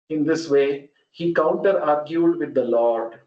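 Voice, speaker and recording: A man, a spiritual speaker in an online meeting, telling a devotional story in an unhurried way and acting out each character. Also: a little high, mellow. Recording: roomy, muffled online call audio.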